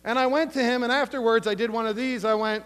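A male pastor preaching a sermon, emphatic, with slow dramatic pauses and retold conversations. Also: extremely high pitch, fairly even intonation, fairly bright tone, clear, resonant tone. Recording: long hall reverb.

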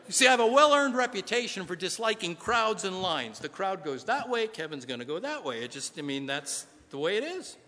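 A man's voice: sits high, sing-song, a little fast, few pauses, sharp tone. A middle-aged man, a pastor, giving an earnest, conversational sermon full of rhetorical questions. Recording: long hall reverb.

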